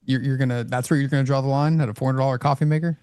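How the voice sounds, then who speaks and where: Blunt, laid-back man, mid-pitched gravelly voice, dry close recording. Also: fairly even intonation, rapid-fire, darkish tone, no room sound. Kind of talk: casual live trading-show chat.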